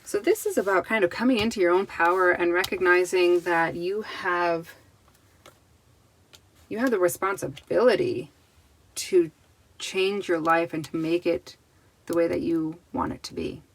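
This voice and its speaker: A woman gives a tarot card reading straight to the camera in a relaxed, chatty way. Her voice sits a little low, and she reassures the viewer as she lays out each card. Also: a little slow, low-quality recording. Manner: chatty and reassuring, with restarts and laughs.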